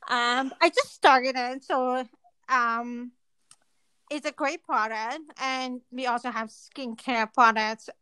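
A woman guest on a podcast, talking in a hesitant way with many pauses and fillers. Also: high-pitched, steady tone, bright, forceful tone, smooth, no room sound, rough recording. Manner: slow, hesitant, many ums. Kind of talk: casual chat.

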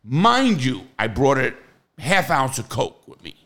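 A middle-aged man telling profane, animated stories in casual podcast chat, with loud bursts. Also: medium pitch, unhurried.

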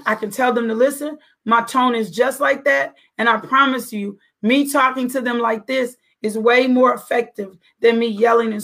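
A woman's voice: fairly high pitch, a bit bright. A middle-aged mother giving an earnest, preachy faith-based parenting talk, full of rhetorical questions.

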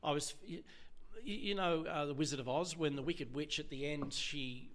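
Speaking frankly about his past, a middle-aged Australian ex-police officer appears as an interview guest with a fairly bright tone. He falters and restarts sentences often, clearly moved, and lowers his voice when quoting people.

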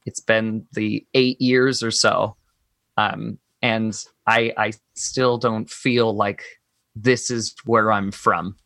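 Guest voice: earnest, reflective man with a bright, forward tone, dry close mic. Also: lowish voice, little pitch movement, takes it slowly, creaky, no room sound. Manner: reflective and earnest, thinks aloud. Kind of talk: personal conversation.

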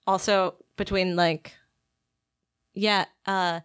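A woman's voice: on the low side, little pitch movement, slow, clean tone, dry recording, clean studio sound. Hesitant young woman hosting a chat. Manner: hesitant, filler-heavy, friendly. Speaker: podcast host. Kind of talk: casual chat. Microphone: studio microphone.

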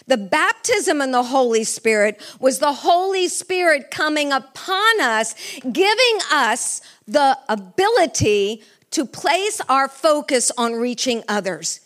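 A woman's voice: high voice, sing-song, slow, a bit bright. A middle-aged woman preaching a sermon with fervor, asking the congregation questions. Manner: fervent, asks the congregation questions.

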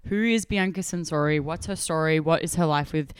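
A young Australian woman co-hosting a chatty podcast, with a smooth, clean tone sitting a little low for a woman. She tells stories with animated energy, laughs often and acts out what people said. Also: brisk, no room sound, studio quality. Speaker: podcast co-host. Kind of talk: casual storytelling chat.

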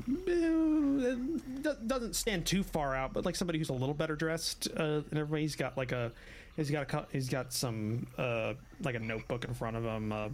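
A man narrating a tabletop role-playing game as the game master. He rambles through his descriptions with lots of fillers and easy laughter. There is faint hiss behind him. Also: mid-range voice.

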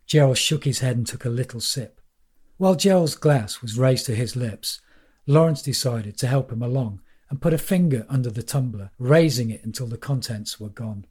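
A man's voice: mid-range voice, moderate pace, darkish tone, husky. A man narrating an audiobook in a dry, wry way.

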